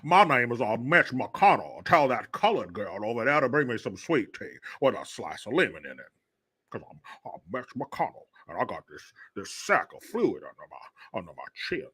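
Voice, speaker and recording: A man doing a mocking impression of a smug, grotesque old male senator, speaking in a slow, mumbling drawl. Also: mid-range voice, big pitch swings, sharp tone, breathy edge, voice pushed down, exaggerated voice.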